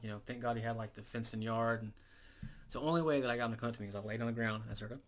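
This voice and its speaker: A man's voice: medium pitch, fairly even intonation, very fast, heavy background noise. A man co-hosting a podcast, telling a rambling, profane story in casual chat. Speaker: podcast co-host.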